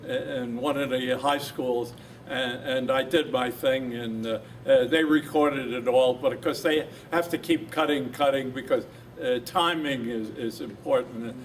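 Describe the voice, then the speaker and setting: At a reunion, an older New Jersey veteran tells of his wartime experiences, performing the voices of those he quotes. He speaks at a measured pace in a medium pitch with fairly even intonation, picked up by a distant mic amid background noise.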